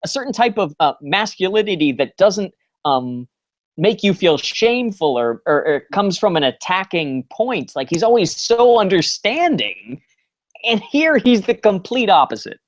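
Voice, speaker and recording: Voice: mid-range voice, very animated, unhurried. A podcast co-host in casual chat, acting out the characters' lines with mocking quotes and tripping over frequent restarts. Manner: frequent restarts and filler words.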